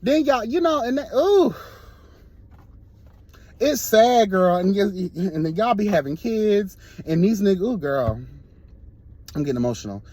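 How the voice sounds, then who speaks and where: A man's voice: high voice, expressive, a little slow, a little mellow, no room sound. A man giving an impassioned, sassy straight-talk monologue as a vlogger while driving, recorded on a phone. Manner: sassy, emphatic, keeps calling listeners girl.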